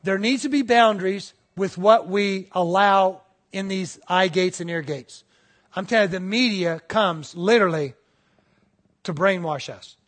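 A male pastor preaching a conversational sermon, often checking in with the congregation and acting out little stories. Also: high-pitched. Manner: tells stories and acts out voices within them.

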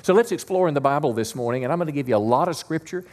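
A man's voice: fairly high pitch, lively intonation, racing, darkish tone. A male pastor preaching a sermon in a church, talking conversationally and leading the congregation in call-and-response. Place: church sanctuary.

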